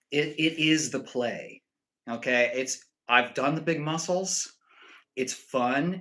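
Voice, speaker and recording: A young man chatting casually with his stream viewers and rambling through animated stories full of fillers. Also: mid-range voice, rough recording. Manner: rambling, animated storytelling full of "like" and "you know".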